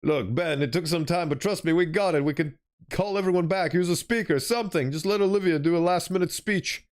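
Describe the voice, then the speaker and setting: A man's voice: fairly high pitch, fairly quick, voice pushed up, lightly acted. A man doing an anxious young woman. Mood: pleading.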